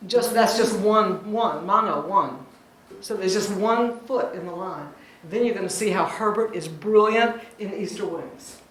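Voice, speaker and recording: Woman, poetry teacher, unhurried and chatty, recorded far off in a very echoey church room. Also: medium pitch. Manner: chatty, laughs often, sounds out rhythms. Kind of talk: informal classroom teaching. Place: church classroom. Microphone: distant room mic.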